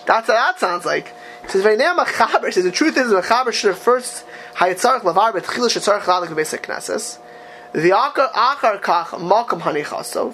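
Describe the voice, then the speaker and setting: A man teaching a religious text class, reading passages aloud and asking the students rhetorical questions in an animated way. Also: high-pitched, a little hiss or hum. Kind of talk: text-study lecture to a class.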